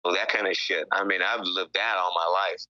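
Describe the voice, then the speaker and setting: Older man from Chicago, rock musician guest: very deep, sharp-edged, blunt and candid, dull dry lo-fi audio. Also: fairly even intonation, brisk, dry recording. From Chicago, USA. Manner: frank, blunt and loose, with casual swearing. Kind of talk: candid interview talk.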